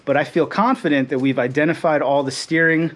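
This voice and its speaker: A man's voice: a little high, fairly quick. Chatty man explaining car repair. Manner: relaxed, chatty, joking asides with fillers. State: slightly out of breath. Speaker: garage channel host. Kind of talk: casual how-to explainer. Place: home garage.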